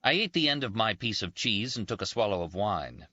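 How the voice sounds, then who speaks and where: A man reading a novel aloud in a measured, grave first-person narration, in a muffled dry recording. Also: fairly low pitch, big pitch swings, bright, forceful tone, no room sound. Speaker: audiobook narrator. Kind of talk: scripted narration.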